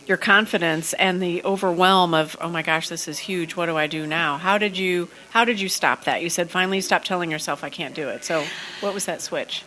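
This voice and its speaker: A woman's voice: on the low side, a little fast, sharp tone, poor audio. A woman with a St. Louis accent co-hosting a podcast, asking a guest supportive questions. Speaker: podcast co-host. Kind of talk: casual podcast interview.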